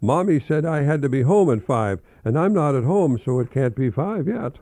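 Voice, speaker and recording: A man's voice: mid-range voice, animated, moderate pace, warm tone, no room sound, pitched above the performer's own voice, lightly acted. An older man voicing a literal-minded little boy as he reads children's jokes aloud in a raised, childlike voice. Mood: playful.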